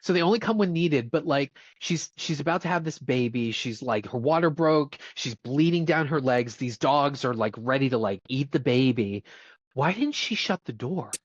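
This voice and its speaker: Animated swearing man reviewing a film. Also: mid-range voice, moderate pace, no room sound, highs cut off. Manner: animated, swearing, laughing often. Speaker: podcast co-host. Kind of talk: casual film review chat.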